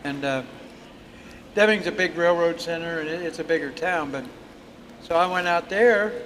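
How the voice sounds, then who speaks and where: An older man with a notably high voice tells a long, rambling story. He talks casually, with plenty of pauses and fillers. Faint noise hangs in the background of the outdoor stage. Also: fairly bright tone, rough recording. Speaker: guest storyteller. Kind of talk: casual anecdote.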